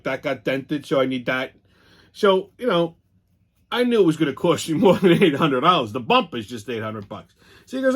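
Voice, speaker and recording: A man, hosting a show and telling a rambling, profane story about his aggravation. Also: fairly high pitch. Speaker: host. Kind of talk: casual storytelling rant.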